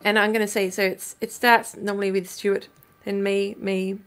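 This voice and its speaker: A woman's voice: medium pitch, flat delivery, moderate pace. A woman singer-songwriter hosting a live stream, chatty and giggly, speaking into a webcam mic.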